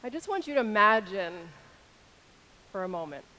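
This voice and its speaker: A woman in her thirties giving a keynote speech on an arena stage into a stage microphone. She moves between loud shout-outs to the crowd and a slower, intimate delivery. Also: medium pitch, sing-song. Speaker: keynote speaker.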